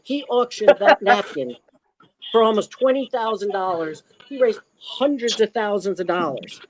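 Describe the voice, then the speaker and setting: A middle-aged man from Maryland, USA, guests on a podcast and tells stories in a casual, rambling chat. His high voice is animated and moves at a normal speed, full of fillers and restarts, though the recording is rough.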